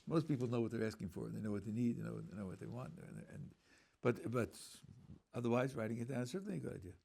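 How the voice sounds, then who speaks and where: A man teaches a Torah class as a rabbi, explaining patiently and thinking out loud. His pitch is lively, jumping up and down as he talks. He restarts sentences and fills pauses with ums along the way. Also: gravelly, slightly rough. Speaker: rabbi lecturer.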